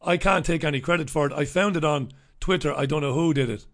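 A man's voice: fairly high pitch, fast, a bit bright. A middle-aged man hosting a casual live stream, chatting and joking as he greets viewers by name. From Ireland.

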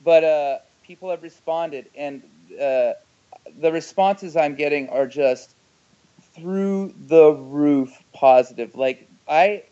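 A man's voice: fairly high pitch, slow pace, smooth. Earnest male guest on a dull line. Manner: earnest, emphatic, swings loud and soft. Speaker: interview guest. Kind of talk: interview.

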